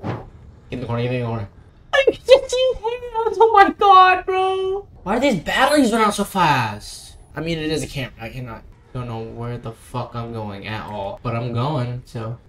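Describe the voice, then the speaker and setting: A young man commentating a horror game he is playing, swearing and swinging between hushed muttering and frantic outbursts. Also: medium pitch, brisk, crowd noise. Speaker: gaming channel host.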